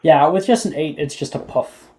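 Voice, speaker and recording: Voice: mid-range voice, normal speed, dark tone. A game master running a tabletop game in a casual way, leaning on "like" as a filler.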